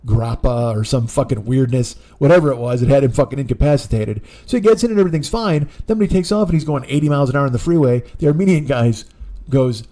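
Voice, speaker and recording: A man's voice: mid-range voice, fast talker, dark tone. A man in his forties, a comedian hosting his own podcast, telling a rambling, profane story. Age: 40s. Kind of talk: comic storytelling monologue.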